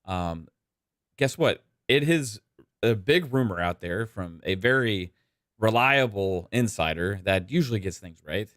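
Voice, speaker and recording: A man's voice: fairly low pitch, lively intonation, measured pace, a bit bright, no room sound, studio quality. A man from Texas hosting a gaming podcast in a laid-back, casual way, with many fillers. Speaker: podcast host. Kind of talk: casual chat.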